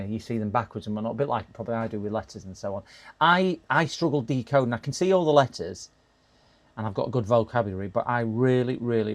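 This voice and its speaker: A middle-aged man casually chatting to his live-stream audience while repairing a computer, often restarting sentences and laughing. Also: mid-range voice. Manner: chatty, talks to chat while working, frequent restarts and laughs.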